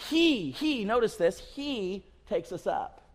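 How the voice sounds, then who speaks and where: Preacher guy, high voice, long churchy echo, keeps hammering the point. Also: sing-song, slow pace. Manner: emphatic, repetitive preaching with rising emphasis. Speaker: pastor. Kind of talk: sermon. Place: church sanctuary.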